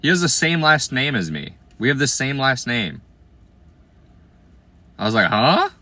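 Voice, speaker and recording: A man in his twenties from Iowa, chatting casually on a livestream while reading viewer comments, playful and slangy, often trailing off into quiet asides. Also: mid-range voice, sing-song, measured pace, no echo. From Iowa, USA. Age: 20s.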